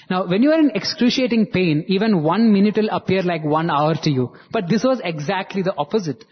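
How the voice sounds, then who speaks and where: A man tells a devotional story with lively animation, his voice slightly raised in pitch and husky. The recording is dull and lo-fi. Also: fairly quick.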